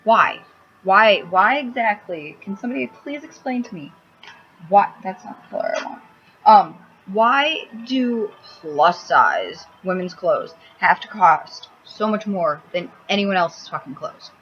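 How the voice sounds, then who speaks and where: Recorded at home on a laptop mic, a makeup vlogger rambles through a casual video in a mid-range, slightly bright voice. She's very animated but keeps a measured pace, blunt, crude and cranky, swearing freely. The audio is a bit dull with a faint hiss.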